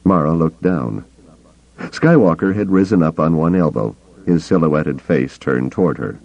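Slow, gravelly-voiced male audiobook narrator. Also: extremely low pitch, expressive, a little mellow. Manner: slow, deliberate. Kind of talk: scripted narration. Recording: dull lo-fi cassette tape.

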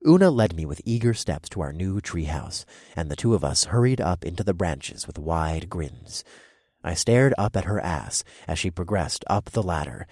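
A man's voice: low-pitched, darkish tone, slightly rough, dry recording. A man narrating first-person fiction for an audiobook in a brash, swaggering manner, close to the mic.

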